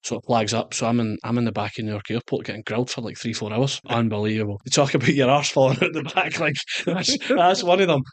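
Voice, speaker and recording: This guest, a Scottish soccer coach in his thirties, is a fast talker who rarely pauses, spinning animated stories in a casual interview and switching into quoted voices along the way. His voice is medium-pitched, and the recording is dry.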